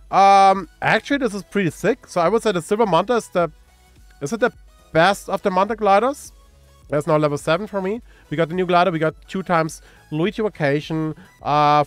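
Man, German accent, high voice, excitable game commentary, dry close sound, faint music behind. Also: dry recording. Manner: excitable, cheers at pulls and reads chat aloud. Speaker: mobile game streamer. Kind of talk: casual gameplay commentary.

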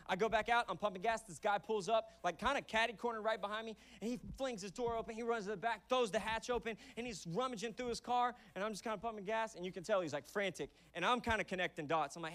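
A man with a fairly high voice delivers a lively sermon as pastor. He talks in loose, folksy language and slips into stories, and he rises to loud, forceful shouts. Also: quick pace, few pauses. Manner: energetic storytelling preaching, sometimes shouting; casual, folksy wording.

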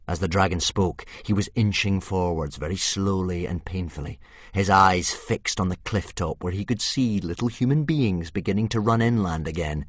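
A man narrating an audiobook with vivid, dramatic storytelling that drops to a hush in tense moments. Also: sits low, moderate pace, no echo, studio quality.

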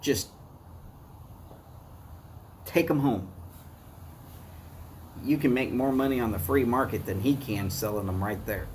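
A man's voice: medium pitch, a little slow, pauses often, a little mellow, a little hiss or hum. Folksy Southern man hosting a cigar stream. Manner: folksy, chatty, greets viewers by name. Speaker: cigar reviewer, live stream host. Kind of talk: casual live-stream talk.

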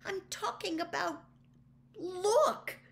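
A woman's voice: very high-pitched, slow, vocal fry, pitched above the performer's own voice, heavily acted. A woman voicing an earnest, agitated teenage boy wizard, talking in an urgent, strained way, set well above her own voice.

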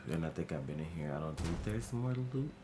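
A man streaming a horror game, talking to himself in casual, profane, excitable commentary. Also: very deep voice, fairly quick, background noise. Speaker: gaming streamer.

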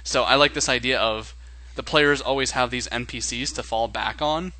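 Bright-voiced rambling male podcast co-host. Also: mid-range voice, moderate pace, low-quality recording. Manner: rambling, thinks aloud. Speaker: podcast co-host and game master. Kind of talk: casual podcast chat.

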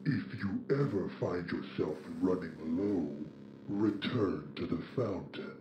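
A man voicing a solemn robed wizard who gives instructions in a slow, grave, ritual-like way. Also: low voice, animated, background noise. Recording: echoey, muffled game audio with music.

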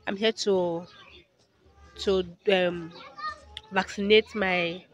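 A woman's voice: mid-range voice, fairly even intonation, drawn-out words. A young woman from Cameroon, a new mother, chatting casually to her phone camera as a vlogger while out on the street. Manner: chatty, addresses viewers as sisters. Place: outdoors on a street.

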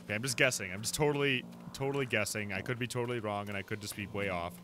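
A man giving excitable gameplay commentary on a horror game, with loud reactions and jokes. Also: on the low side, quick pace, background noise. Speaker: let's play host.

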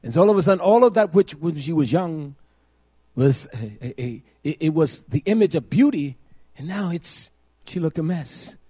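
An older man preaching a sermon, moving from quiet storytelling to loud, emphatic preaching with heavy repetition. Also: a little high, animated, normal speed, slightly rough.

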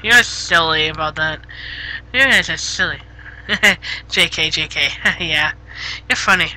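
A woman streams live over a gaming headset, chatting casually with viewers in a low voice and at a slow pace. She is giggly and easily flustered, and she gently scolds chat when it turns rude. The recording quality is poor.

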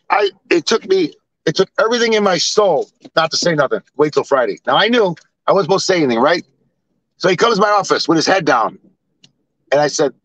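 A man's voice: fairly high pitch, a bit bright, dry recording, rough recording. An older man telling blunt, rambling stories with swearing. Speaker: storyteller. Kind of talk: casual storytelling.

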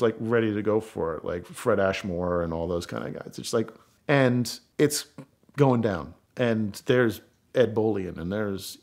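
Middle-aged man, casual storyteller, very lively pitch, plays out quoted lines. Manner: animated storytelling, acts out quoted dialogue. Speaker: storyteller guest. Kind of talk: casual anecdote telling.

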